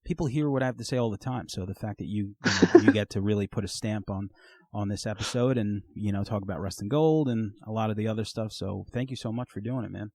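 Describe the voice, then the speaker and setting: A man's voice: lowish voice, quick pace, dry recording. A man hosting a podcast over the phone from home, telling stories with lots of swearing and laughter. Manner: animated storyteller, swears freely, laughs mid-sentence. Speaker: podcast host. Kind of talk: casual phone conversation. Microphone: phone call.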